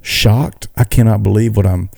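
A man co-hosting a podcast, telling a story in a casual, animated way with many restarts. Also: low-pitched, moderate pace, no room sound, clean studio sound. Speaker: podcast co-host. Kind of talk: casual chat.

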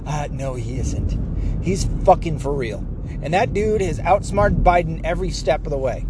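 A man's voice: on the high side, animated, normal speed, noisy background. A man from the United States ranting heatedly and sarcastically to the camera, swearing often. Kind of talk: profane political rant.

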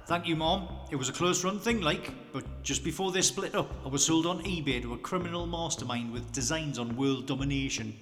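Deadpan man, echoey. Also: on the high side, a little fast, hardly any pauses, faint music behind. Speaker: lead character and narrator. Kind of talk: comedy audio drama.

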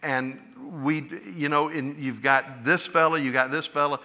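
A man's voice: fairly high pitch, fairly even intonation, unhurried, pushed and bright. A middle-aged man from West Florida, preaching a sermon, often rising to emphatic, impassioned cries. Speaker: pastor. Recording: long hall reverb.

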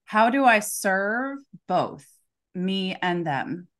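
A woman's voice: mid-range voice, lively intonation, very slow, fairly bright tone. A woman coach co-hosting a casual conversation, talking emphatically and often checking in with "right?". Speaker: coach and podcast co-host.

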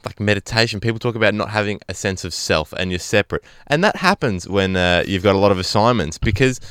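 A young man chats on air in a lowish, smooth and resonant voice that swoops freely up and down. He jokes, laughs often and wanders into musing asides. The studio sound is close and dry. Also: lively intonation, quick pace, fairly bright tone, no room sound. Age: young adult. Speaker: radio show co-host. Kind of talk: casual radio banter. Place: radio studio. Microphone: studio microphone.

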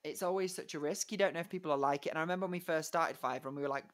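A man's voice: fairly high pitch, rapid-fire, a bit bright. Chatty young man, giggly. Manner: chatty, giggly, rambling with many fillers. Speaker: musical theatre performer, guest. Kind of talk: casual interview chat.

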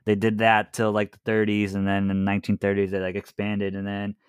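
A man's voice: on the low side, completely flat delivery, brisk, clear, resonant tone, no room sound, clean studio sound. A man co-hosting a casual podcast, sharing trivia and teasing his friends. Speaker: podcast co-host. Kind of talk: casual chat.

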